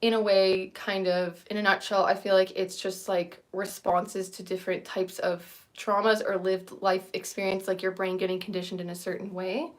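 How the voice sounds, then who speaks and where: A woman's voice: mid-range voice, little pitch movement, moderate pace, hardly any pauses. Rambling, self-deprecating woman in her thirties. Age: 30s. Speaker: livestream host. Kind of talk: casual livestream chat.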